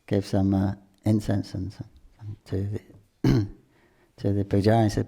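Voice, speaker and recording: An older man casually telling devotional stories, halting often with restarts, throat clearing and chuckles. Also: on the low side, little pitch movement, mellow. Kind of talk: casual storytelling talk.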